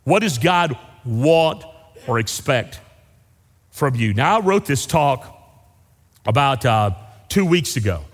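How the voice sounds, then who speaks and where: Male pastor, lively folksy sermon delivery, long church-hall reverb. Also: a little high. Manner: folksy storytelling, varied emphasis. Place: large church sanctuary.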